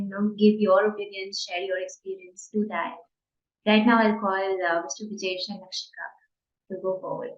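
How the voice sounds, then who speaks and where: A woman moderating an online event, speaking softly with many fillers. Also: mid-range voice, fairly even intonation, moderate pace. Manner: soft, hesitant, many fillers. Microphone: video call. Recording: dull, roomy call audio.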